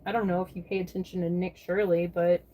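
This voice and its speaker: A woman's voice: lowish voice, level tone, fast talker, dark tone, slight background noise. Woman, American, livestream chat, casual, swears, reads viewer names. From United States. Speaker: live streamer chatting with viewers.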